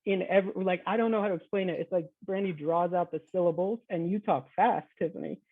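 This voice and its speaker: A man chats on a panel in a quick, talkative way. His voice sits high for a man and comes through a dry, phone-like line with no room sound. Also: no echo. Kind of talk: casual panel chat. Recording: dry, tinny phone-like audio.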